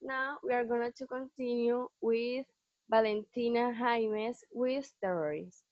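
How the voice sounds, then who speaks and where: A teenage girl with a fairly high voice reads her school presentation plainly and steadily. The recording is very dry and a bit dull. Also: steady tone, a little slow, no room sound. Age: teens. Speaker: student presenter. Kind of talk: reading a prepared school presentation.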